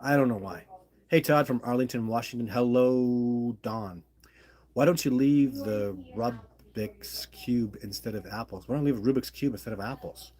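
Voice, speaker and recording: A man's voice: mid-range voice, moderate pace, a little mellow. A middle-aged man hosting a casual livestream, chatting and reading viewer comments aloud in a friendly, apologetic way. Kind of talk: casual live-stream chat.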